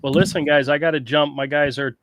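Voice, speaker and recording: A man co-hosting a livestream, speaking in a relaxed, plain-spoken way. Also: a little high, a little fast. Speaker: livestream co-host. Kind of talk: casual livestream chat.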